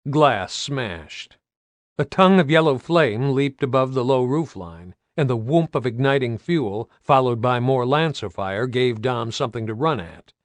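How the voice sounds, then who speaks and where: A man's voice: mid-range voice, dry recording. A man reading an audiobook aloud with tense, dramatic narration. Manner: tense, dramatic, varied delivery.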